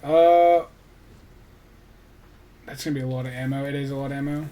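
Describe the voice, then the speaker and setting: A man's voice: mid-range voice, fairly even intonation, moderate pace, lo-fi sound. A man chatting casually on his livestream, rambling, restarting sentences and swearing offhandedly.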